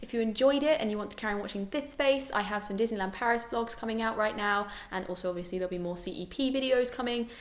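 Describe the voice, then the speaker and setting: Animated young woman vlogging in a roomy space. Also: fairly high pitch, fast, hardly any pauses. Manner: animated, chatty, exclaiming. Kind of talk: casual vlog chat. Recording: roomy echo.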